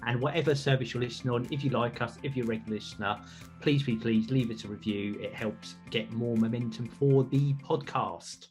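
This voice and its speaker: A man's voice: medium pitch, fairly quick, a little mellow, faint music behind. A man hosting a podcast, chatting casually in an upbeat, self-reflective way. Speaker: podcast host.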